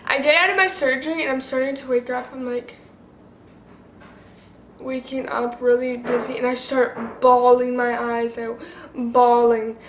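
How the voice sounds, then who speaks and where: A woman's voice: a little high, steady tone, a little slow, roomy sound, slight background noise. A teenage girl vlogger telling a personal story to camera in a rambling, casual way, full of "like" and restarts.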